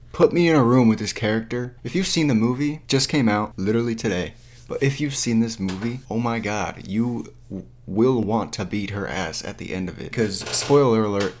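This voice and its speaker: A man's voice: lowish voice, normal speed, a little hiss or hum. A young man ranting in a casual, foul-mouthed, exasperated way about a movie into his camera. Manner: profane, exasperated, animated. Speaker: vlogger. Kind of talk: casual movie review rant. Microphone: camera mic.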